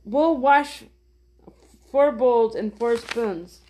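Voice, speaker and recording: A woman's voice: a little high, drawn-out words, warm tone, slight background noise. A woman reading aloud, voicing a cheerful, motherly older sister in a children's storybook.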